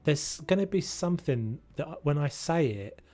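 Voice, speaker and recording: Talking to his chat mid-game, a British streamer wanders from topic to topic in casual livestream commentary. His voice sits on the high side, animated and darkish in tone, at a normal speed.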